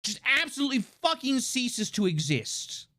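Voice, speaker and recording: A streamer chatting casually on a livestream, rambling with lots of fillers and restarts, excitable and laughing often. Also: medium pitch, normal speed.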